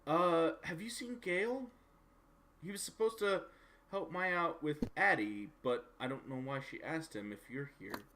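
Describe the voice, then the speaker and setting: A man voicing an anxious young woman in a tabletop game, halting and trailing off as he speaks. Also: a little high, bright, forceful tone, a little hiss or hum, pitched above the performer's own voice. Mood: uneasy.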